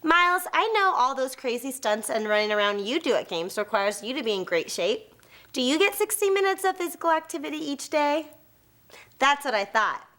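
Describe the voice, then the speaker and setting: Bright high-pitched cheerleader woman. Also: sing-song, normal speed. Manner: upbeat, cheering, leads call-and-response. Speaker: cheerleader speaking to students.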